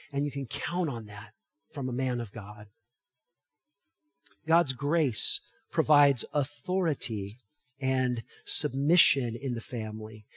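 Husky-voiced man preaching a sermon. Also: mid-range voice, dry recording. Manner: shifts from hushed tender passages to loud emphatic preaching. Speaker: pastor.

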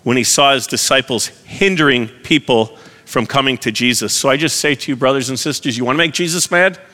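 A man's voice: medium pitch, brisk, pushed and bright. A man preaching a sermon in a church, folksy and conversational with self-deprecating asides. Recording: long hall reverb.

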